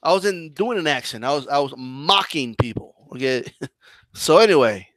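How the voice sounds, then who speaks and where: Animated high-voiced man ranting. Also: normal speed, dry recording. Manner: animated, mocking, combative rant with restarts. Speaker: boxing commentary channel host. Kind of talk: live-stream commentary reading chat.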